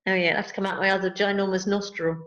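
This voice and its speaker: A woman's voice: mid-range voice, flat delivery, very fast, a bit bright. A woman co-hosting a vocal group's update, chatting in a playful, silly, self-mocking way over a video call. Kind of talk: casual chat on a video call. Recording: dull lo-fi video call audio.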